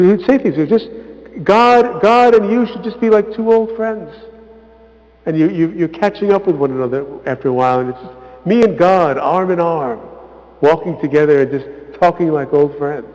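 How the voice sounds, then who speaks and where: Visiting priest, man, casual teaching voice, brings quotes to life, echoey hall with muffled sound. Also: on the high side. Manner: conversational, often tags "right?"; acts out quotes with lively emphasis. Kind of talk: informal parish talk. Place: church hall.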